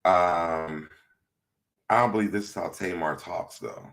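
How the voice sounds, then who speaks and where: A man's voice: sits low, unhurried, fairly bright tone. A man hosting a casual livestream, chatty and laughing often as he reads viewer comments aloud. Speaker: livestream host.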